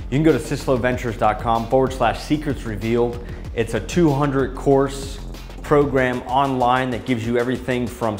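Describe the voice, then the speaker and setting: A man talking straight to camera on a beach in a punchy, emphatic vlog style, pitching marketing advice in short, hyped lines. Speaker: marketing vlogger. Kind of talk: casual vlog talk to camera. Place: outdoors on a beach.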